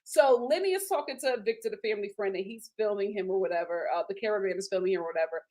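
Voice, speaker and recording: Animated, emphatic woman recapping reality TV. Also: medium pitch, racing. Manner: animated, emphatic, repeats lines for effect; retells scenes in quoted voices. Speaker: host of a TV recap channel. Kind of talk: casual reality TV review.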